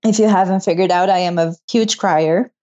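A woman's voice: on the low side, steady tone, moderate pace, mellow. Laughing young woman, emotional storyteller. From moved to Canada. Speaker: guest, medical student. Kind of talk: casual interview chat. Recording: muffled lo-fi audio.

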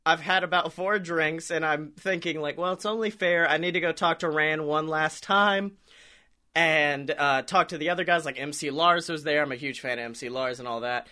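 A man with a high, bright, sharp voice tells a rambling story on a podcast. He swears freely, laughs a lot and acts out what people said to him. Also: moderate pace. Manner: rambling, profane, laughs often, acts out quotes. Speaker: podcast co-host. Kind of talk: casual storytelling chat.

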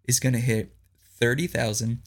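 A man's voice: medium pitch, fairly even intonation, moderate pace. A man hosting a political commentary podcast, reading news aloud and reacting in an incredulous, ranting way, repeating lines for emphasis.

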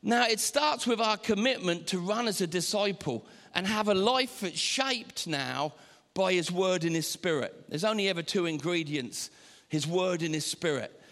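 Animated male pastor, high voice, sermon in a reverberant church hall. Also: normal speed. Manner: animated, acts out voices and shouts. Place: church auditorium.

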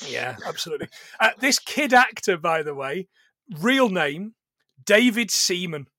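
British bloke on a film podcast, high voice, swears loads, dry close sound. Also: male voice, measured pace, no echo. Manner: sweary, animated, breaks into silly quoted voices. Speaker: podcast co-host. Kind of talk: casual film commentary chat.

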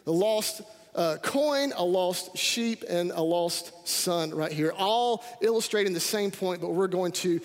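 A man preaching a sermon as pastor, energetic and calling out to his congregation. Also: high voice, measured pace, hardly any pauses. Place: church sanctuary. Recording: reverberant hall.

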